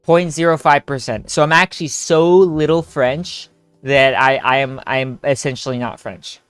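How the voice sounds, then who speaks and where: A man's voice: mid-range voice, fairly even intonation, normal speed, fairly bright tone, clear, resonant tone, no echo. Young man rambling over a game. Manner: rambling, joking, laughs often, swears casually. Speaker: streamer playing a story game with friends. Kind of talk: casual gaming chat. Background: faint game music.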